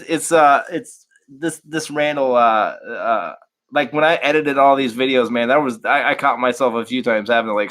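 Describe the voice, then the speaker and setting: Bright-voiced male host, halting and casual. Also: mid-range voice. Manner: halting, restarts often. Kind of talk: casual chat.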